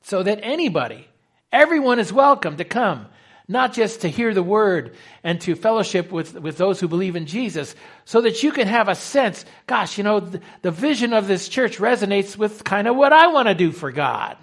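A man preaching a sermon as pastor, animated and acting out the quoted dialogue. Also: high voice, moderate pace.

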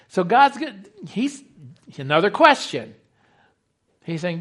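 A man preaching a sermon as pastor, animated and acting out the quoted dialogue. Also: sits high, normal speed.

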